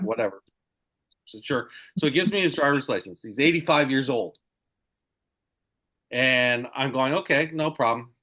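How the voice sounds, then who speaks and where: A man, a podcast host, telling a story in a casual, halting way with many restarts. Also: mid-range voice, fairly bright tone.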